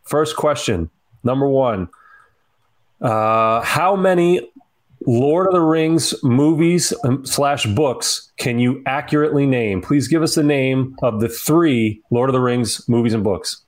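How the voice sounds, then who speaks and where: A man's voice: mid-range voice, slow. A man hosting a podcast quiz game, in playful, casual banter with friends. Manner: playful quizmaster, laughs often.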